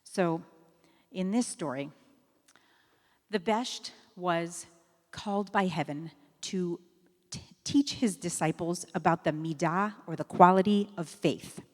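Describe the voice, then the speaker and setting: A woman's voice: on the low side, slow pace, pauses often. Woman rabbi giving a conversational sermon. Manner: warm, conversational, with fillers and self-corrections. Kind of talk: sermon with storytelling. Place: synagogue sanctuary. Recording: long reverb of a sanctuary.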